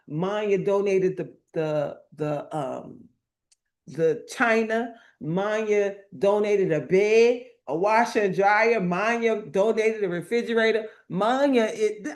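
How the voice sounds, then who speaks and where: A woman sharing a faith-based testimony, telling her story with lively quoted dialogue and repeating phrases for emphasis. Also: medium pitch. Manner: animated storytelling, acting out quoted voices. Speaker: motivational speaker.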